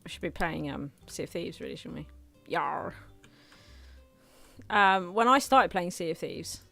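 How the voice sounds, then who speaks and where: Woman game streamer, young, chatty and giggly, hiccupping, animated pitch, faint game music behind. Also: fairly quick, vocal fry. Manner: chatty, laughs often, animated exclamations. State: has hiccups. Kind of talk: casual live-stream chat while gaming. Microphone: desk microphone.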